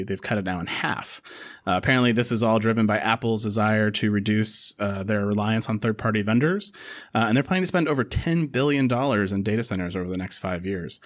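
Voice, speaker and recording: A man hosts a casual tech podcast in a rapid, chatty flow, peppering his talk with fillers. His voice sits fairly low. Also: a bit bright. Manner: quick, chatty delivery with frequent fillers. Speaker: podcast host.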